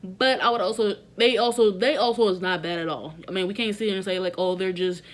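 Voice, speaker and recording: A young woman talks through a reality show episode in a loose, casual recap. Her delivery is sassy, opinionated and full of slang. Her voice sits at an ordinary middle pitch. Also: fast.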